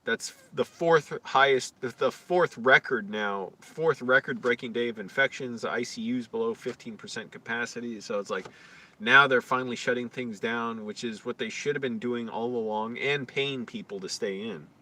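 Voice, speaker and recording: A man's voice: mid-range voice, normal speed, bright, forceful tone. A man talking to his own camera outdoors in a casual, rambling vlog, crude and complaining. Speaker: vlogger. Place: outdoors on the street.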